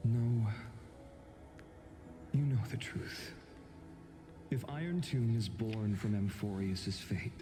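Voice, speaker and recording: An actor playing a weary young male hero in a video game, speaking in a solemn, hushed and resolute way. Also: fairly low pitch, takes it slowly, pauses often, over music. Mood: sorrowful.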